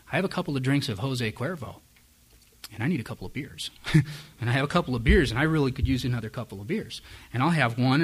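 A man shares his own story with a group in a candid, self-deprecating way. Wry chuckles slip into his talk. His pitch sits in the middle range for a man. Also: husky. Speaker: speaker sharing his story at a recovery meeting. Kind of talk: personal testimony.

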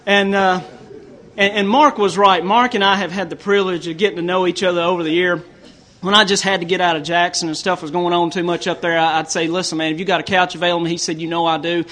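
Folksy man, high voice. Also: little pitch movement, fast talker, few pauses, sharp tone. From Tennessee. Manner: folksy, rambling, repeats words, laughs at own jokes. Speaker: recovery meeting speaker. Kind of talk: storytelling talk with jokes.

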